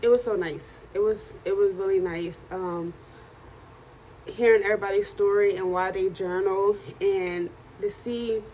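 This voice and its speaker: A woman in her thirties with a hoarse, worn-out voice, chatting in a casual video diary at home at night, tired and animated as she tells stories. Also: medium pitch, slight background noise, rough recording. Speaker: vlogger and journal author.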